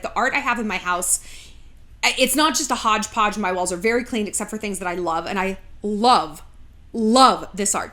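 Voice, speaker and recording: Woman, thirties, lively up-and-down pitch, fairly high voice, sarcastic chat, swears freely. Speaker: vlogger. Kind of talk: casual to-camera chat. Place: home.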